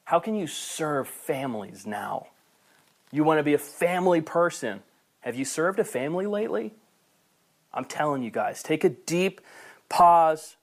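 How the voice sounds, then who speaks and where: Male pastor, higher register, fervent sermon delivery with casual, playful asides. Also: expressive, unhurried. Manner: passionate, builds to near-shouting then softens. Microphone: camera recording.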